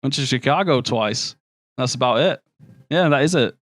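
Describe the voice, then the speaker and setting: A man's voice: medium pitch, normal speed, dry recording. Sweary young man streaming a game. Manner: sweary, joking banter. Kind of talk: casual gameplay commentary, chatting with viewers.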